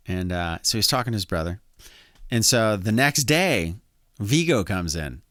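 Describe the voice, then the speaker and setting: A man, a guitar teacher and podcast guest, telling stories in animated casual chat. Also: lowish voice, measured pace, dry recording, studio quality. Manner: animated, laughing storyteller.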